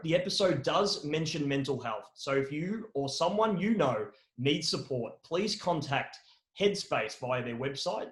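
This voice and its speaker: A man hosting an interview show, upbeat and a bit theatrical, reading a scripted intro before asking questions. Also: medium pitch. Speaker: podcast host. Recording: roomy echo.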